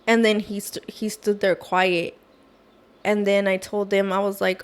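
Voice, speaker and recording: A woman's voice: mid-range voice, measured pace, smooth. A woman guest on a podcast, telling a personal story casually, with lots of "like" and "oh my gosh". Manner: animated, fillers like "like" and "oh my gosh".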